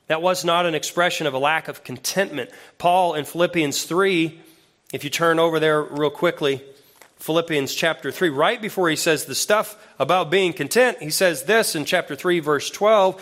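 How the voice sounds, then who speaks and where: A man's voice: a little high, moderate pace. Conversational male associate pastor preaching. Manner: conversational, lively when quoting scripture. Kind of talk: sermon.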